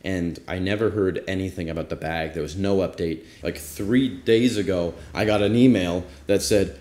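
A man's voice: low-pitched, normal speed, hardly any pauses, a little mellow. A young man casually telling a rambling, self-deprecating travel story as a vlogger. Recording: roomy echo.

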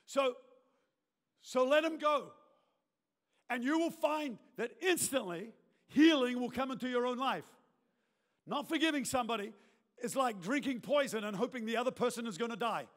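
A male pastor preaching an emphatic sermon in a large church auditorium, repeating his lines and rising to shouted prayer. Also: very high voice, animated, normal speed, long pauses. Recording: long reverb of a large church hall.

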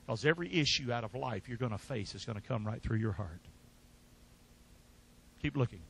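A man preaching a sermon, urging the congregation to repeat his lines back and swinging from loud emphatic calls to quiet asides. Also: medium pitch, animated, moderate pace, vocal fry, pauses often, breathy edge, low-quality recording. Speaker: pastor. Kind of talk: sermon with call and response.

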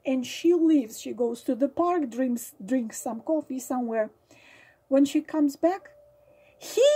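A woman's voice: high voice, dark tone, rough recording. A woman tarot reader explaining a card through real-life stories, hesitant with many fillers and leaning hard on dramatic words.

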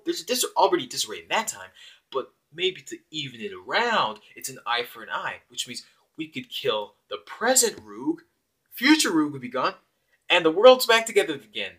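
A man voicing a young woman who lays out a plan in quick, explanatory reasoning, close to his own voice. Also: fairly high pitch, very animated, a bit bright, slightly rough, heavily acted.

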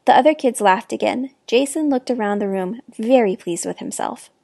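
Woman reading a storybook aloud, gravelly. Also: on the high side, normal speed, dark tone, dry recording, clean studio sound. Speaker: reader.

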